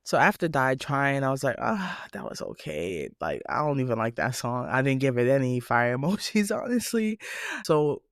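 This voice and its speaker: A man hosting a podcast, giving a casual, animated and profane review of new music. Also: mid-range voice, moderate pace, clean tone, no room sound, clean studio sound. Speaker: podcast host.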